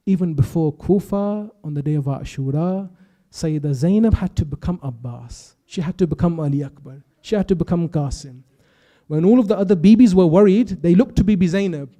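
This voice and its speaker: Young male preacher, high mellow voice, emotional sermon storytelling, impassioned builds. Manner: storytelling with quoted dialogue, rising to impassioned intensity. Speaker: speaker at a youth majlis. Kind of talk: emotional religious sermon narration.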